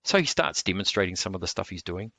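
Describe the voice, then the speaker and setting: Low-voiced man telling rambling stories. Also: big pitch swings, fast talker, creaky, pushed and bright, slight background noise. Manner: rambling, full of restarts and fillers. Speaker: interview guest, martial artist. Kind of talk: casual storytelling interview.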